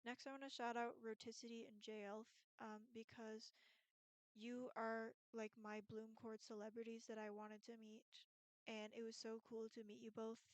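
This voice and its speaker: A woman's voice: fairly high pitch, level tone, moderate pace, no echo. A young woman from Pennsylvania chatting casually to camera on her vlog, with lots of ums and likes. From Pennsylvania, USA. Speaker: YouTuber.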